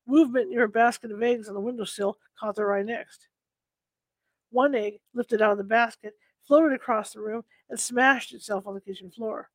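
A man reading ghost stories aloud at a steady pace, now and then stumbling and correcting himself. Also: sits high, normal speed, no echo, low-quality recording. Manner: steady reading with occasional slips and self-corrections. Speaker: storyteller.

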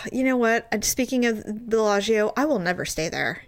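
A woman in casual chat, telling an animated story, laughing and swearing freely. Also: a little high, moderate pace.

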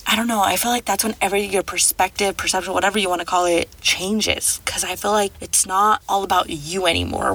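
A woman's voice: mid-range voice, pushed and bright, rough recording. A woman talking through her feelings in a rambling, reflective monologue, full of fillers. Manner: rambling, reflective, frequent "like" and "you know". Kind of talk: casual personal monologue.

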